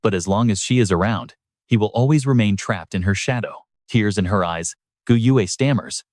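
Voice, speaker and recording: Male recap narrator: low, steady storyteller, dry booth sound. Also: normal speed, no echo. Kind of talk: scripted narration.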